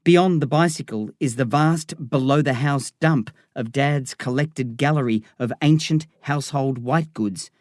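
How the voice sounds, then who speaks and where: A man's voice: mid-range voice, darkish tone, dry recording. Man narrating an audiobook, dry close sound. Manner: first-person, measured storytelling.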